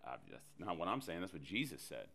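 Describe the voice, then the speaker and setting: Deep-voiced man telling a sermon story. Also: quick pace. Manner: animated personal storytelling, self-deprecating humor. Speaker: pastor.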